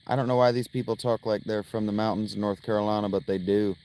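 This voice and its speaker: An American man streams a game, rambling and joking casually with his chat in loose gameplay commentary. His voice is fairly low and dark in tone, with fairly even intonation and a quick pace with few pauses.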